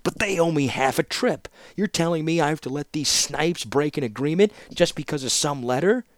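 A man's voice: on the high side, expressive, normal speed, no room sound, clean studio sound, pitched above the performer's own voice, lightly acted. A man voicing a pushy, grumbling male wagon master. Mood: complaining.

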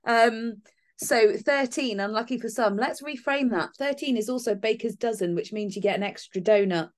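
A woman's voice: fairly high pitch, normal speed. A woman co-hosting a podcast, chatting casually in a giggly, teasing way. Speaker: podcast co-host. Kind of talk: casual chat.

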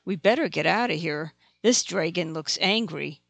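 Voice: medium pitch, animated, normal speed, creaky, a bit bright, no echo. Narrator voicing an eager young man. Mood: tense. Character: brave young man, protective brother.

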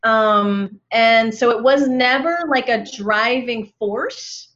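A woman's voice: on the high side, expressive, slow pace, a bit bright. A woman of fifty, a relationship coach, talking openly and reflectively in a casual conversation, with many likes and ums. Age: 50s. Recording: dull lo-fi sound.

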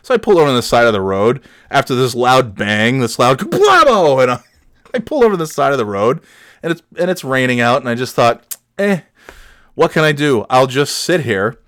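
A man's voice: medium pitch, huge pitch swings, brisk, fairly bright tone, no echo, studio quality. A middle-aged man hosting a podcast, telling a comic story in a rambling, self-mocking way that drops into mumbles. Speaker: podcast host.

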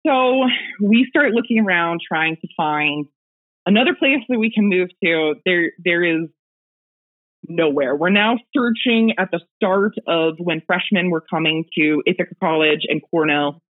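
A woman with a lowish voice takes her time telling a personal ghost story as a guest on a remote call, rambling along with fillers and small laughs. The audio is thin and tinny, like a phone line.

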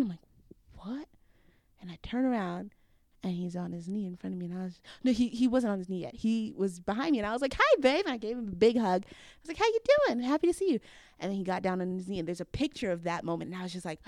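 A young woman, a guest on an interview show, telling a story casually and acting out what people said with big swings in pitch. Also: creaky, no room sound, studio quality. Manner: animated, acts out quotes with big jumps in pitch.

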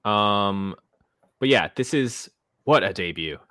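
A man's voice: fairly low pitch, lively intonation, slow pace, sharp tone, no room sound. A man hosting a casual podcast where two friends show each other films, joking at his own slips. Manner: self-deprecating, restarts intro. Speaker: podcast host.

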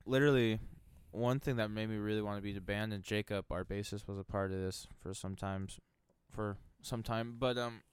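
A young man guesting on a casual podcast, excitable and slangy, laughing often. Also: on the low side, a little fast, clear, resonant tone, dry recording. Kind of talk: casual chat.

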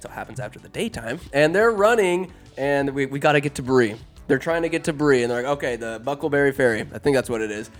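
A man recapping a fantasy film in casual, sarcastic commentary, animated and quick to put on voices for the characters. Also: medium pitch, soft background music. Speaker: movie recapper. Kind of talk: casual comedic movie recap. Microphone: phone or desk mic, recording alone.

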